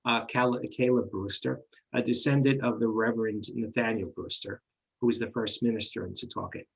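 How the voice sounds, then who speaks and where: A man's voice: fairly low pitch, fairly even intonation, a little fast, vocal fry, fairly bright tone, slightly rough, poor audio. A man with a New York accent, co-hosting a livestream and reading history aloud with hesitant fillers. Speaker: co-host.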